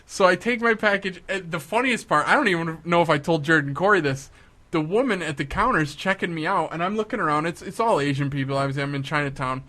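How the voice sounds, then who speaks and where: A young man chatting casually on a podcast, telling a story with lively acted-out quotes. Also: fairly high pitch, fast. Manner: animated storyteller, acts out quotes. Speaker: podcast co-host.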